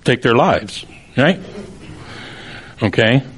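A man's voice: medium pitch, expressive, slow, breathy edge. A male preacher giving a conversational sermon to a live audience, with joking asides and acted-out quotes. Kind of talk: casual sermon.

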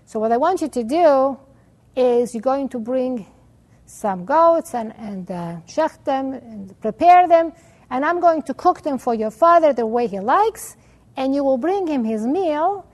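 A woman's voice: high voice, lively intonation, measured pace, darkish tone. A woman voicing a worried but determined mother who urges her son on, in an insistent storytelling voice. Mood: urgent. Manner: urgent and insistent.

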